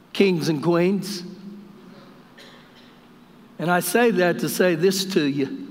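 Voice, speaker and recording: Male pastor, high voice, jovial live Sunday preaching, big reverberant sanctuary. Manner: jovial, preacherly, addresses congregation directly. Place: church sanctuary during service. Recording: long church reverb.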